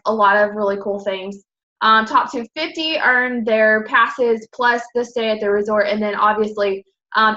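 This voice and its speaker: A woman's voice: medium pitch, sharp tone, dull audio. A woman in her twenties giving a casual presentation to her team, chatty and upbeat, with lots of fillers and self-corrections. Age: 20s.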